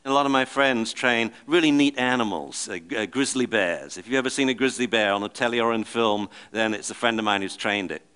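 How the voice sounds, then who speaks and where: A middle-aged man giving a talk to an audience, telling lively stories and acting out the voices in them. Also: mid-range voice, a little fast, hardly any pauses, smooth. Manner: animated, acts out the voices of the people and dogs in his stories. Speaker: speaker giving a public talk.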